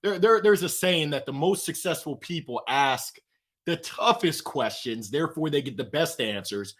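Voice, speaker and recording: A middle-aged man with a fairly high voice tells stories with lots of energy. His pitch jumps around a great deal as he acts out the other people in his stories, in an animated, engaging way. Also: normal speed, husky. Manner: lively, acts out voices in anecdotes. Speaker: guest. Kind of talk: animated storytelling.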